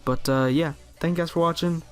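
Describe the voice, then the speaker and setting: A teenage guy tells a story to his channel, his voice sitting a bit high for a young man. He rambles, restarts his sentences and leans on fillers. Faint music runs underneath. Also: fairly even intonation, brisk. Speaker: vlogger. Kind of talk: casual storytelling.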